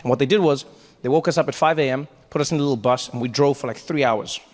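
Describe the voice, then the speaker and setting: A man from Africa doing a stand-up comedy set, telling stories with animated asides. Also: mid-range voice. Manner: animated storytelling, quick asides. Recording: live stage with long reverb and faint ambience.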